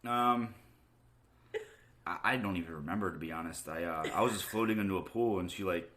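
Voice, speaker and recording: A man's voice: deep voice, brisk. A man talking as a guest on a podcast, making dry, joking asides in casual chat. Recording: loud background noise.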